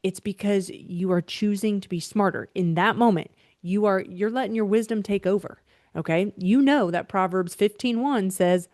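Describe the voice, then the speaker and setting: A woman giving parenting advice as a faith-based behavior coach, teaching in an animated, emphatic way and checking in with listeners. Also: medium pitch, moderate pace, no echo, clean studio sound.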